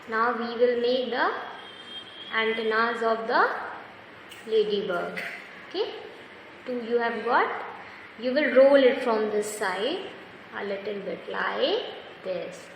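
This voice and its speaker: A woman's voice: on the high side, animated, a little hiss or hum. A woman, patiently giving a step-by-step craft lesson to children, praising them as she goes. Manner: slow, patient, instructive, praising often. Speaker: craft teacher. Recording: very echoey room with long reverb.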